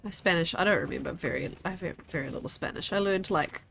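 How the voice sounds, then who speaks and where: A woman's voice: lowish voice, quick pace, gravelly, fairly bright tone, faint music behind. A woman, chatting casually while streaming a game and rambling as she answers her chat.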